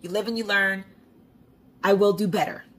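A woman's voice: medium pitch, fairly even intonation, moderate pace. A woman vlogger casually walking through her paycheck budget, reading account balances aloud in a chatty, self-deprecating way. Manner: chatty, reads figures off a screen, self-deprecating. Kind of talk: casual budget walkthrough to camera.

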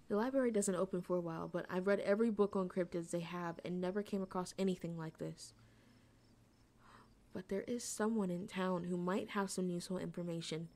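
A woman's voice: medium pitch, warm tone, natural voice. A woman reading the lines of an earnest, eager young woman who hunts cryptids and reassures her friend. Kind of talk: reading game dialogue aloud.

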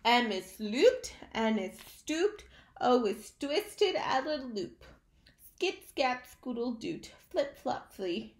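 A woman reads a children's picture book aloud at a very slow pace. Her fairly high voice rises and falls in a lively singsong as she asks the little listeners questions. The room around her rings with echo. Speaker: teacher reading aloud to children. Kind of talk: storybook read-aloud for young children.

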